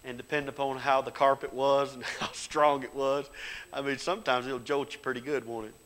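A middle-aged man preaches in a church, his voice sitting at an ordinary pitch. He moves between homespun storytelling and loud, fervent calls to his congregation. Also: level tone, normal speed, low-quality recording. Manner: folksy storytelling with Southern grammar, rising to fervent loud exhortation. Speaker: pastor. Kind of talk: sermon. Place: church sanctuary.

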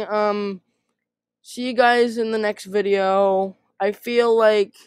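A woman's voice: medium pitch, clean tone, no echo. A woman giving casual gameplay commentary as a YouTuber, rambling and self-deprecating with many fillers. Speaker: gaming YouTuber.

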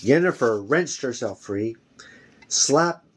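A man reads a fantasy novel aloud slowly and carefully, frequently restarting phrases. His mid-range voice is animated, with a breathy edge.

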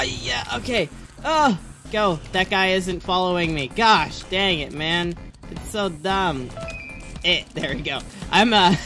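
An excitable young man narrates his gameplay, bursting into yelps and frustrated screams, then grumbling at himself in self-mocking rants. Background music plays steadily behind his voice. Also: high-pitched. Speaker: let's play gamer. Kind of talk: gameplay commentary.

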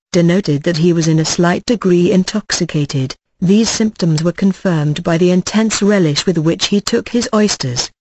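An audiobook narrator reading a classic novel in a measured, formal way. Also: mid-range voice, a little mellow, low-quality recording.

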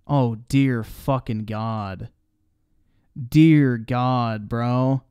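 A man's voice: medium pitch, drawn-out words, a little mellow, clean tone, dry recording, clean studio sound. Profane, sarcastic male streamer. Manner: reads viewer chat messages aloud. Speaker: streamer reacting to a video. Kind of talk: live-stream reaction commentary.

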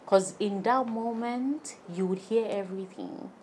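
A woman on a podcast panel who makes her points in an assertive, deliberate way. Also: mid-range voice, a little mellow, slight background noise. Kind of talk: casual panel discussion.

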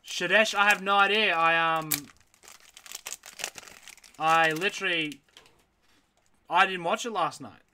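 A man with a bright, forceful voice running a live card break. He reads out names one after another and answers viewers' chat as he goes, in a slightly high register. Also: slow pace, long pauses, a little hiss or hum. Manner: rattles off names, reacts aloud, chats with viewers. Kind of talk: live card-opening stream.

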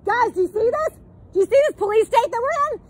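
A woman yelling defiantly at a police officer in a public park, her voice growing sore from shouting. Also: very high-pitched, expressive, fast. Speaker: mother filming a police encounter. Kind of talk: heated confrontation.

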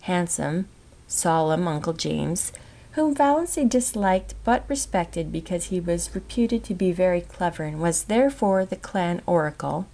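A woman narrating a classic novel in a measured, expressive reading that dips into soft whispers. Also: lowish voice. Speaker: audiobook narrator. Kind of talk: scripted narration.

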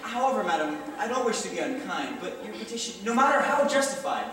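A woman's voice: mid-range voice, lively intonation, fast talker, natural voice. A teenage actress playing a stiff, impatient male bank official in a live school stage play, who sounds formal and grows more and more exasperated. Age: teens. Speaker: high school stage actor. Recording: echoey hall from far off. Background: audience laughter.

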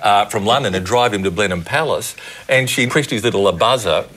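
A man telling a lively anecdote on a comedy panel, laughing through his punchlines. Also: on the low side, fairly quick. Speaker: panel guest. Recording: noisy TV studio audio.

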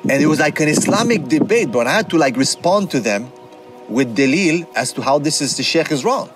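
A man's voice: a little high, expressive, brisk, faint music behind. A man and regular speaker giving a conversational religious talk and advice, often checking in with "right?" and mixing in Arabic terms. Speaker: Islamic speaker and counselor.

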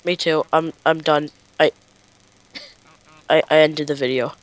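A woman's voice: low-pitched, steady tone, unhurried, poor audio. A woman playing a horror game with a friend over voice chat, panicky and repeating exclamations. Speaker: gaming co-player. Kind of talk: casual gaming voice chat.

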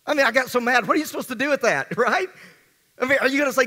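A man preaching a sermon as pastor, swinging between hushed and emphatic delivery in a church sanctuary. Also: very high voice, rapid-fire. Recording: long hall reverb.

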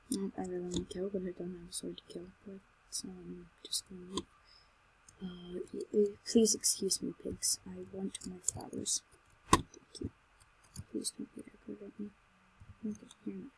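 A woman giving chatty commentary as she plays a game, excitable and talking to herself, with sudden loud, high outbursts. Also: normal speed, long pauses, slight background noise, low-quality recording. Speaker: Minecraft let's player. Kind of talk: gameplay commentary.

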